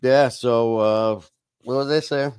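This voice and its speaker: A male podcast host tells stories casually and without a script over a video call through streaming software, with lots of restarts and chuckles. He takes it slowly in a smooth, darkish mid-range voice with fairly even intonation. The sound is dry and studio clean.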